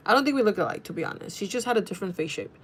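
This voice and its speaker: A woman telling a casual storytime vlog, chatty and animated, swearing freely and talking in quick bursts. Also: medium pitch, breathy edge. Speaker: vlogger.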